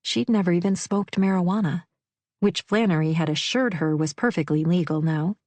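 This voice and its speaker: Woman, audiobook narration, measured, low voice, dry close studio sound. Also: a little mellow, no echo. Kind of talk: scripted narration.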